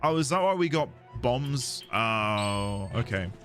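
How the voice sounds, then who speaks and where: A man's voice: mid-range voice, animated, slow pace, music in the background. Chatty British man streaming a game. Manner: chatty, self-amused, rambling explanations. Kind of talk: casual gameplay chat.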